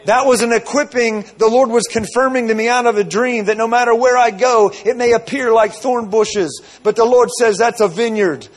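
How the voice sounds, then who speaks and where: A man's voice: very high-pitched, fairly even intonation, normal speed, few pauses. A man preaching a sermon, telling a dream with many asides and repeated phrases.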